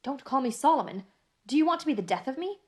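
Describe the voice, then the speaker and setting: A woman's voice: fairly high pitch, expressive, fairly quick, lightly acted. A woman reading a vexed, furtive Englishman. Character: hurried, irritable middle-aged Englishman.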